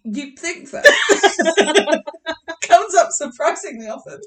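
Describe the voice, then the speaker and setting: Lively, giggly English woman, a bit off-mic. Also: sits high, slow, far from the mic. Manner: giggly, animated, laughs often. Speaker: podcast co-host. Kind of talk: casual chat.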